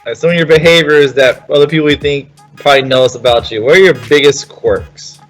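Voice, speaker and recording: A man's voice: on the high side, brisk, fairly bright tone, soft background music, poor audio. A man hosting a school quiz segment, upbeat as he puts questions to the teachers. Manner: upbeat, reads questions to contestants. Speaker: quiz host.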